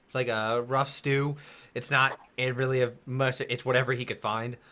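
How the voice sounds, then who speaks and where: Male game master, bright tone, rambling, light background hiss. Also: medium pitch, flat delivery, normal speed. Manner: rambling, laughing often. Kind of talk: narrating a tabletop game.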